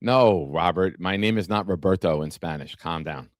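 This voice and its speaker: A man with a low voice speaks at a moderate pace, recorded with studio quality and no room sound. He hosts a casual live-streamed sports talk show as a podcast host, chatting with viewers by name and reading from an article.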